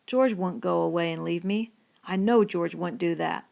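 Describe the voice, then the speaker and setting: A woman's voice: mid-range voice, expressive, normal speed, close to an everyday voice. A woman reading the part of a big, childlike farmhand man who speaks simply and repeats himself, in an audiobook. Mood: pleading.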